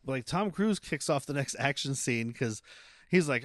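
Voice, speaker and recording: A man's voice: medium pitch, moderate pace, dry recording. Man, podcast co-host, chatty scene-recapper, casual and profane, dry recording. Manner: animated storyteller, recaps scenes, swears. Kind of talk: casual movie-review chat.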